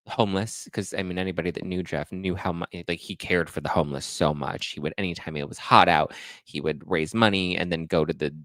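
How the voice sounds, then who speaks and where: A man hosting his own podcast, talking in a halting, emotional way with many fillers and pauses. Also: sits low, fairly bright tone, dry recording. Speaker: podcast host. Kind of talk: emotional casual monologue.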